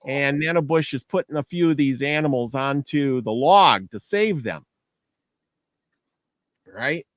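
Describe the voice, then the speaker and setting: A man's voice: medium pitch, unhurried, fairly bright tone, clear, resonant tone, no echo. A man casually telling a legend in a folksy way, often restarting phrases. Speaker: storyteller. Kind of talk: casual storytelling.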